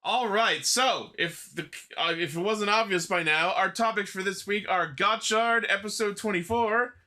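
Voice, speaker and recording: Bright-voiced man hosting a podcast. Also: high-pitched, moderate pace. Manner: runs the segments, announces topics. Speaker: podcast host. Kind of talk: casual podcast chat.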